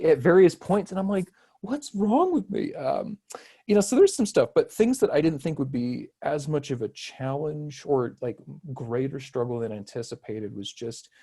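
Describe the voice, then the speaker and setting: A man's voice: mid-range voice, mellow. A man in his thirties, a podcast guest, talking in a casual, reflective and rambling way with self-deprecating humor. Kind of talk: casual conversational interview.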